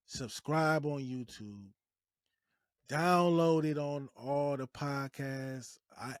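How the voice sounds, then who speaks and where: A man hosting a podcast, giving blunt, profane advice and hammering points home by repeating them, with loud outbursts and quieter asides. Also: no room sound, studio quality. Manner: emphatic and repetitive, swinging between loud outbursts and low asides. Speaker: podcast host. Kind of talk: preachy podcast monologue.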